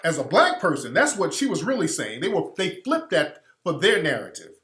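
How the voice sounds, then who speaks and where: A man's voice: a little high, huge pitch swings, normal speed, a bit bright. A man hosting a radio show, giving a blunt, emphatic monologue and repeating his points for effect. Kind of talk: impassioned monologue. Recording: roomy echo.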